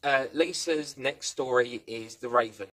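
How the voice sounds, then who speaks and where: A man's voice: mid-range voice, measured pace, noisy background. A man giving a casual spoken review, rambling through the plot and playfully acting out quoted lines. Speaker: film and TV reviewer.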